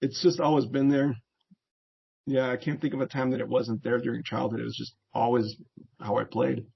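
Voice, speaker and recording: A middle-aged American man, a veteran and therapist, appears as an interview guest telling stories from his youth. His gravelly, slightly rough voice sits at medium pitch and moves at a moderate pace as he laughs often and acts out the people he quotes, a relaxed casual storyteller. The audio is dull and lo-fi.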